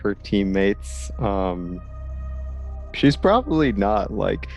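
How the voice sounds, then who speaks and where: A man playing a tabletop game, speaking haltingly and thoughtfully, describing his character. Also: lowish voice, animated, vocal fry, a little mellow, faint music behind. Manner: halting, thoughtful, full of fillers. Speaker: player. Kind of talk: tabletop role-play.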